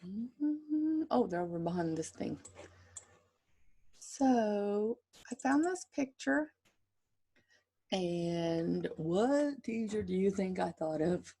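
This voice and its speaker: A woman's voice: medium pitch, lively intonation, dark tone. A woman teacher giving an online drawing lesson to children, reading a picture book aloud and chatting. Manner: slow and chatty, gravelly. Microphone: computer screen share.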